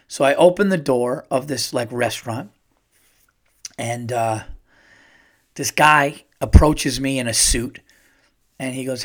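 A middle-aged man hosting a podcast, telling a long personal story in a rambling, excited way and swearing often. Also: on the high side, normal speed. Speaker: podcast host. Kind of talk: casual storytelling monologue.

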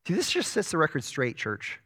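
A man preaching in an earnest sermon style, his voice sitting a little high for a man. He swings from sharp, rising peaks down to soft, low endings, and often stumbles and restarts words as he goes. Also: wildly swooping pitch, brisk, breathy edge. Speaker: pastor.

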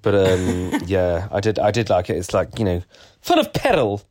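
Laid-back man with a lively voice. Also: deep voice, moderate pace. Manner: laid-back, swears freely. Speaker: podcast co-host. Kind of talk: casual chat.

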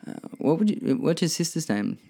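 A man's voice: fairly high pitch, sing-song, moderate pace, vocal fry, dark tone. A young man hosting a casual solo podcast, rambling and swearing freely with many restarts. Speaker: podcast host.

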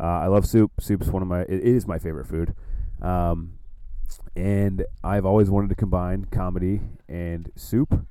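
A man chatting casually as a comedian guest, with wry, deadpan asides. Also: low-pitched, smooth, no room sound. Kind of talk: casual chat. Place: Milwaukee area.

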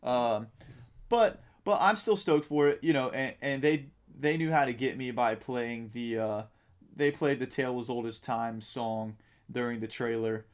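Guy on a podcast just chatting, rambly, says um a lot, cusses here and there, medium pitch. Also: a little slow. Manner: rambling, swears casually, many ums. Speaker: podcast co-host. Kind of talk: casual chat.

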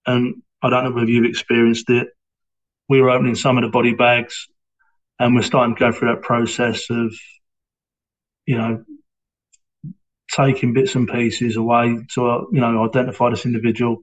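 A middle-aged man tells his story in an interview, in a measured, level voice that barely rises or falls. His speech is hesitant and halting, full of pauses and restarts. His pitch sits in the ordinary middle range for a man. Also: flat delivery, rough recording. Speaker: interviewee, former police sergeant. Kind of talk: reflective personal account.

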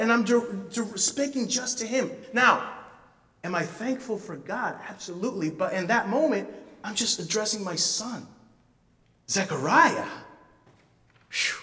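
A man preaching a sermon, telling a story in an animated way with playful asides. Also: high voice, unhurried, far from the mic, slight background noise. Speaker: pastor. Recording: reverberant hall from off-mic.

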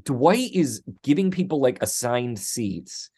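Male co-host, animated intonation, enthusiastic and quick to laugh, casual podcast chat. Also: mid-range voice, breathy edge.

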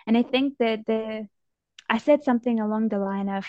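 A young adult woman, a guest in an interview, telling a personal story in a reflective, gentle and somewhat halting way. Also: fairly high pitch, no echo. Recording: dull dry sound.

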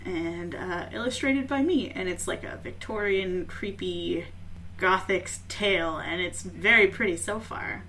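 Bright-voiced woman podcast co-host. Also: on the low side, unhurried, slight background noise. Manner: animated, jokey, laughs often. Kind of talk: casual chat.

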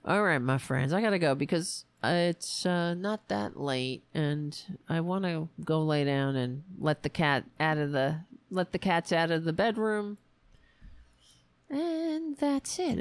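Tired and audibly losing her voice, this American woman runs a casual livestream of political commentary, sarcastic and outraged at politicians. Her voice sits low yet animated, at a measured pace, with no room sound.

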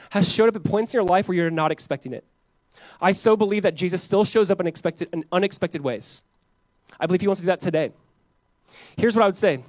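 Fast-talking, high-voiced young male pastor. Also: no room sound. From Southern California. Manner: animated storytelling, self-mocking humor. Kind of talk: sermon.

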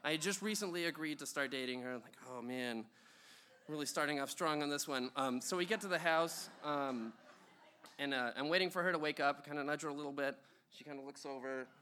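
A man's voice: a little high, brisk, pushed and bright, a little hiss or hum. A young man telling a funny personal story at a live show, rambling with lots of ums and uhs and chuckles.

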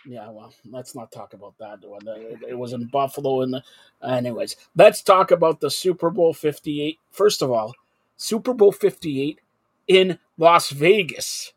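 A man's voice: medium pitch, moderate pace, breathy edge, no echo. A man hosting a sports talk radio show, brash and jokey, steering the chat with leading questions.

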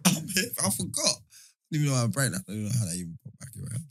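A young man tells a story in a relaxed chat, packing his talk with slang fillers. His voice is a little husky. His pitch swings widely as he gets into it. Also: racing. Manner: animated, laughing, full of London slang fillers.

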